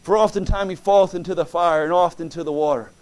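A man preaching a fervent sermon, reading scripture aloud and swinging from quiet asides to loud exclamations. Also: high-pitched, quick pace. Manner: acts out quoted voices in dialogue.

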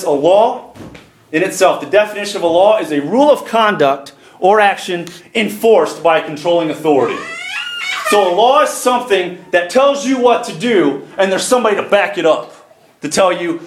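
A man preaching a church sermon, calling out to the congregation and reading scripture slowly. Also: high-pitched, echoey room. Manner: calls for congregation responses, reads scripture slowly.

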